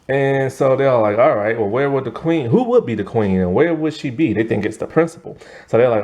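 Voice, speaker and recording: Animated man recapping a movie. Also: medium pitch, a little fast, hardly any pauses. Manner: animated, laughs at the plot, acts out quotes. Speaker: movie reviewer.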